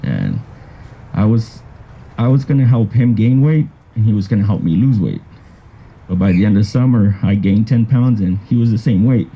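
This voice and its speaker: Man giving a halting graveside eulogy. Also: lowish voice, breathy edge, lo-fi sound. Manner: halting, with restarts and soft trailing phrases. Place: outdoors at a graveside.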